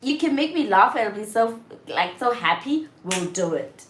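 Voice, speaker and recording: A young woman chatting candidly and frankly, often getting loud and exasperated as she makes her point. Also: on the high side, big pitch swings, normal speed. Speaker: vlogger. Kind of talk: candid casual chat. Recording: roomy echo with faint background noise.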